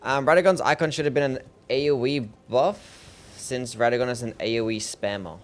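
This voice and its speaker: Casual gaming stream chat from a young Australian man: medium pitch, a little fast, with faint music in the background. He sounds relaxed and mumbly as he answers chat, often tapering off with "I don't know."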